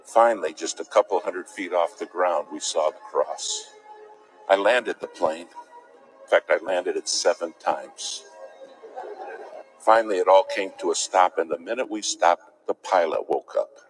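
A man preaching a sermon in a church, telling a story with dramatic swings between loud emphasis and hushed near-whispers. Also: low-pitched, a little slow, faint music behind, poor audio.

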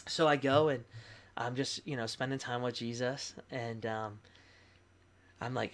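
A young adult pastor tells a personal story in a candid, conversational way, full of fillers, asides and quick laughs. His voice sits in an ordinary middle pitch for a man, and he talks to the people in the room rather than preaching at them. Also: steady tone. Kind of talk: conversational testimony.

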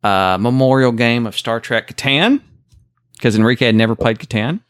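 A man's voice: medium pitch, normal speed, clear, resonant tone, no echo, studio quality. A man co-hosting a podcast, rambling at length through stories in casual chat. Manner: rambling, talkative storyteller. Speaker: podcast co-host.

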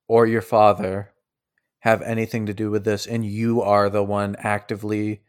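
Stern guarded princess, voiced by a male game master, low and quiet.

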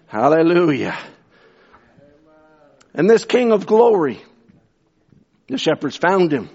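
A man preaching an impassioned sermon, swinging from fervent shouts to hushed asides and repeating phrases for emphasis. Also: a little high, lively intonation, takes it slowly, creaky, long pauses, husky. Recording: dull lo-fi sound.

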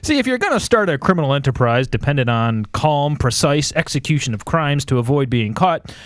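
A man co-hosting a movie podcast, chatting in a wry, animated way. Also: fairly high pitch, fairly quick, clean tone, no echo, clean studio sound. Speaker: podcast co-host. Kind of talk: casual comic movie chat.

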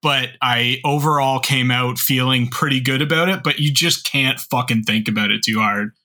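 A man's voice: medium pitch, moderate pace, pushed and bright. A man co-hosting a movie podcast, recapping the plot in a laid-back, profane way. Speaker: podcast co-host.

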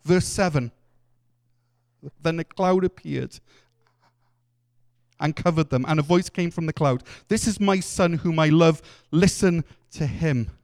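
A man's voice: on the high side, unhurried, long pauses, a little mellow. A man preaching a sermon, telling the story earnestly and acting out the quotes. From Wales.

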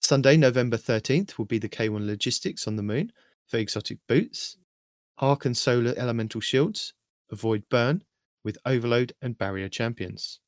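Man reading a steady game update. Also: medium pitch, normal speed, dry recording, clean studio sound. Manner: steady, even list-reading delivery. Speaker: host of a weekly game update. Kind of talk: scripted game news rundown.

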